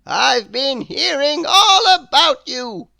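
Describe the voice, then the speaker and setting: A woman voicing a stern old male wizard in a storybook read-aloud, slow and scolding. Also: high-pitched, expressive, vocal fry, sharp tone, dry recording, voice pushed up, full character voice. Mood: accusing.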